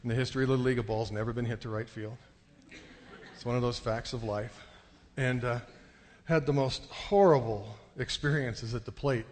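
A man delivers a sermon in a church, his voice sitting in a middle register. He tells a story in an animated way and often leaps into high, excited delivery. A long reverb hangs on every phrase. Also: normal speed. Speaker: pastor. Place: church sanctuary.

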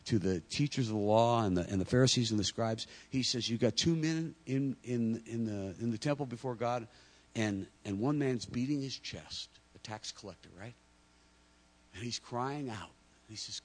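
A man's voice: medium pitch, animated, a little fast. A man preaching a sermon, talking to the congregation directly and acting out imagined speakers. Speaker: pastor.

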